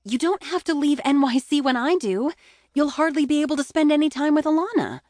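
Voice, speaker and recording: A man's voice: extremely high pitch, a little fast, darkish tone, no echo, studio quality, voice pushed up. A man voicing an exasperated, teasing young woman friend in an audiobook. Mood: protesting. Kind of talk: audiobook narration.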